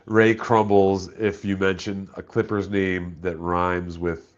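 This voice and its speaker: A man's voice: low-pitched, slow, highs cut off. A man chatting casually on a live stream, laid-back and profane, reading chat messages aloud.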